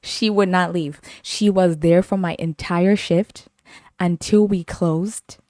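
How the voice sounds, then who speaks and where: A woman's voice: fairly low pitch, steady tone, slow, a little mellow, dry recording, clean studio sound. A woman from Zimbabwe, hosting her podcast and telling stories in a playful, repetitive way. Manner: playful, repeats phrases, laughs often. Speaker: podcast host. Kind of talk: casual storytelling.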